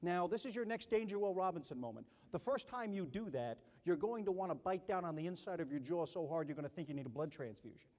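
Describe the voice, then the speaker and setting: A middle-aged man and army officer giving a keynote leadership speech, telling stories in an animated way and acting out other people's voices. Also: a little high, fast. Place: large conference hall. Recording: long hall reverb.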